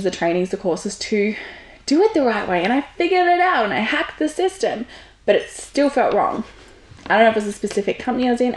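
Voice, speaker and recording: Woman, podcast host, blunt and candid with casual swearing, mid-pitched voice, echoey room. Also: a little mellow. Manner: blunt, frank, swears freely. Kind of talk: candid monologue. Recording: roomy echo.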